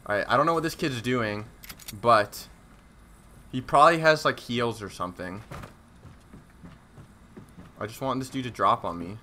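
A young man, medium in pitch and normal in speed, streams a shooter game and talks to his viewers, leaving long pauses over slight background noise. He's casual and slangy, jokes about himself, and grows excitable when the game gets tense.

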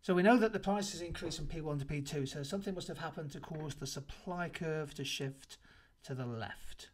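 Man, economics teacher, revision lesson, explanatory, emphatic, slightly higher voice. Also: a little fast. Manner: explanatory, emphatic on key answers, occasional restarts.

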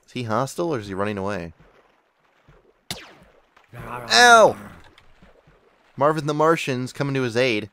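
Excitable young man, animated pitch. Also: racing, hardly any pauses, clean tone. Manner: excitable, exclaims and yelps often. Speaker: gaming channel host. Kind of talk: casual gameplay commentary.

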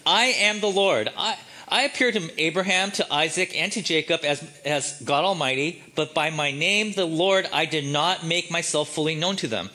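A man reading a solemn male deity's words aloud in a slow, emphatic voice. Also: a little high, bright, forceful tone.

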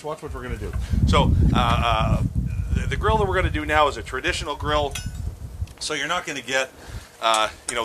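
Lively chatty man at the grill. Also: mid-range voice, background noise. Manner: chatty, self-mocking, upbeat. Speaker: grilling show host. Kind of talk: casual cooking demo. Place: outdoors at grills.

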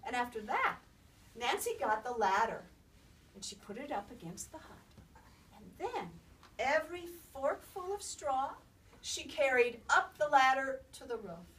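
A woman storyteller telling a folk tale aloud in an expressive, lilting way. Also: high-pitched, unhurried. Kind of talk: oral storytelling. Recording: distant mic, faint background noise.

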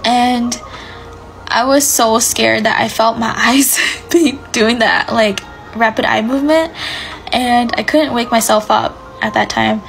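A woman with a raised, gravelly voice tells a scary dream at a slow, searching pace. She laughs nervously now and then, with faint music under her. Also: a little high, fairly even intonation, low-quality recording. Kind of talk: casual storytime.

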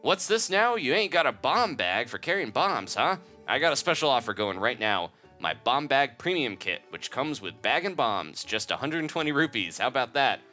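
A man's voice: mid-range voice, big pitch swings, moderate pace, hardly any pauses, bright, forceful tone, faint music behind, voice pushed up. A man voicing a folksy, eager male bomb shop owner, reading game dialogue aloud in sales patter.

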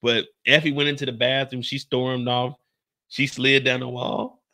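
Gravelly man joking through a recap. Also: mid-range voice, level tone, normal speed, sharp tone. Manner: loose, profane, joking asides. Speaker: TV episode recapper. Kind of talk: casual comedic recap commentary.

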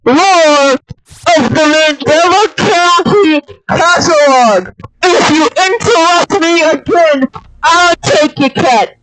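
A woman voicing a self-proclaimed lord who shouts theatrical threats. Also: extremely high pitch, slow, slight background noise, voice pushed up, exaggerated voice, low-quality recording. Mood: ranting. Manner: yelling, theatrical.

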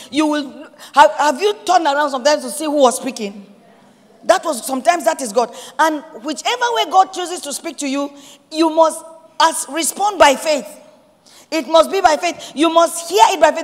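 Nigerian accent, woman, pastor, preaching, high-pitched, echoing hall. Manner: emphatic, repetitive preaching with quoted prayers. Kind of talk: sermon.

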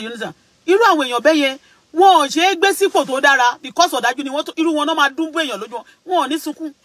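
Vlogger, Nigerian Yoruba-accented man, very high pitched, emphatic and repetitive, dry close sound. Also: very fast, fairly bright tone, no echo, low-quality recording. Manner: emphatic, repetitive, switching between English and Yoruba. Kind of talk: preachy casual monologue.

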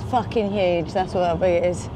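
An excitable, chatty woman vlogging from a moving car, swearing casually as she talks. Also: lowish voice, normal speed. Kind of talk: casual road-trip chat. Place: in a car on the road. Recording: road noise behind. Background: car and road noise.

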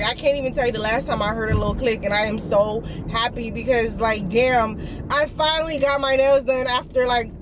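A young woman, chatting casually to her vlog camera, excitable and full of fillers. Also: sits high, very noisy. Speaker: vlogger.

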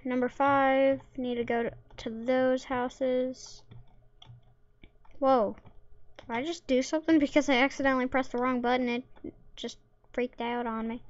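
A woman chats through her gameplay in a playful way, tossing in silly sound effects and jokes. Her voice is high and her pace unhurried. The recording sounds dull and lo-fi. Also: steady tone. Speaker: gamer. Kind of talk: casual gameplay commentary.

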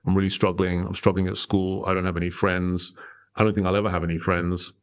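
A man voicing a young grandson who sounds glum and discouraged, in his own deep voice. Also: little pitch movement, quick pace, close to an everyday voice. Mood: downcast.

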